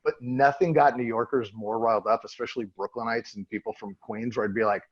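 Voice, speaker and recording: A man hosting a casual podcast interview who laughs easily and tells stories of his own. His voice is somewhat husky, sitting in a middle range. The recording is muffled and lo-fi. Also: mid-range voice. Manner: laughs often, quick asides. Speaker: podcast host.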